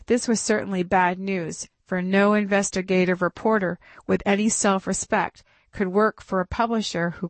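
Give me a woman narrating a memoir in a steady mid-pitched voice, dry studio sound. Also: no room sound. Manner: measured, steady reading. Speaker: audiobook narrator.

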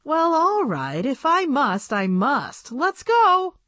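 A woman's voice: sits high, huge pitch swings, takes it slowly, sharp tone, dry recording, voice pushed up, heavily acted. A woman voicing an eccentric, fussy older female doll who loves bugs, in a chirpy, breathless storybook voice. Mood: fussing.

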